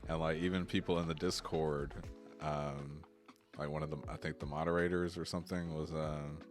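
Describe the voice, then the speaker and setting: A man with a very low voice chats casually on a gaming show, rambling along and breaking into laughs. Faint music sits behind him. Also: normal speed. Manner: laughs often, relaxed and rambling. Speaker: co-host of a gaming news show. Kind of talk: casual chat.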